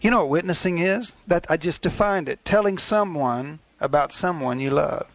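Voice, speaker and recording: An older male pastor delivering a sermon in a fairly high voice. He talks to the congregation in a folksy, conversational way and slips into quick acted asides. The sound is dry and close. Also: no echo.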